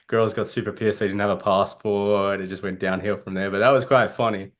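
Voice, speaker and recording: A man's voice: lowish voice, fairly even intonation, a little fast. A man, a dating coach, telling a rambling, profane story on a panel and laughing at himself.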